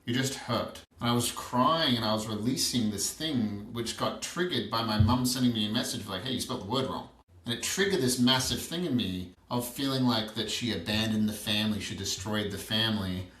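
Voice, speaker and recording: A man's voice: lowish voice, fairly quick, hardly any pauses, a bit bright. Reflective man in his thirties, roomy and distant. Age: 30s. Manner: reflective, storytelling, repeats questions for emphasis. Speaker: transformational coach, guest. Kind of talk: candid podcast conversation.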